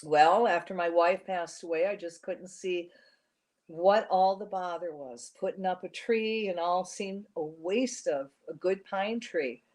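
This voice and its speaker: A woman's voice: lowish voice, measured pace, a little mellow, natural voice. Woman reading as a kindly, folksy old shopkeeper. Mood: gentle. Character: kindly old male shop owner.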